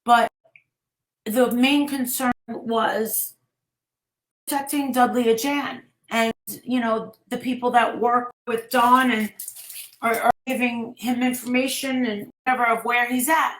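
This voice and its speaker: A high-pitched woman tells a story on a livestream, rushed and emotional, often cutting herself off to tell her chat to stop. Her voice rings in a roomy, echoey space. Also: fairly even intonation, fairly bright tone. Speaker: vlogger retelling a story.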